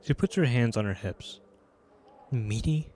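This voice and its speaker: A man's voice: lowish voice, moderate pace, a little mellow. A man streaming a video game, reading its narration aloud in a casual way, with joking asides.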